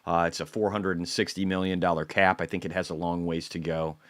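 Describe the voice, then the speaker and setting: Low-voiced blunt male host, casual market talk, dry close sound. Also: a little fast, dry recording. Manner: blunt, profane, animated.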